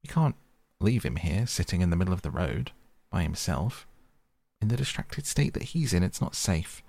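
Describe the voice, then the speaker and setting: A gentle male mole frets aloud in a raised, worried voice, as a male narrator puts him on. He sounds anxious and close to despair. The recording is dry and close. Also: low voice, big pitch swings, normal speed, vocal fry, no room sound, full character voice.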